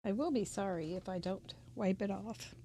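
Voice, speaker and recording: A woman's voice: medium pitch, moderate pace, mellow, slight background noise. A woman giving a chatty, casual crafting tutorial, drifting into asides and laughing often. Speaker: crafting instructor.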